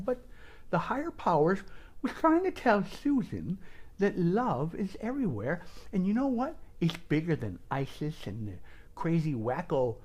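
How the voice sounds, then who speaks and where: A woman's voice: low voice, a little mellow. A middle-aged woman hosting a wellness video in a chatty, rambling comic monologue, who talks about herself in the third person.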